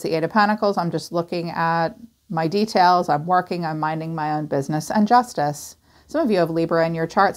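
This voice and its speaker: A woman giving a casual, chatty tarot reading, acting out quoted voices and swearing now and then. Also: lowish voice. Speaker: tarot reader.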